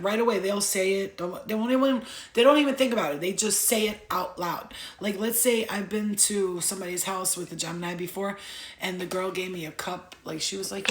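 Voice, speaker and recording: A young woman giving a casual astrology talk, blunt and profane, telling lively stories. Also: lowish voice, fast talker, reverberant. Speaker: astrology vlogger.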